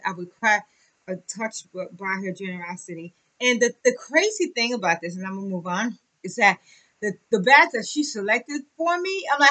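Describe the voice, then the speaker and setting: Bright, excitable woman vlogger in her forties. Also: medium pitch, normal speed, low-quality recording. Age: 40s. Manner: excitable, chatty, emotional. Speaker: YouTube vlogger. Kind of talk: casual unboxing vlog.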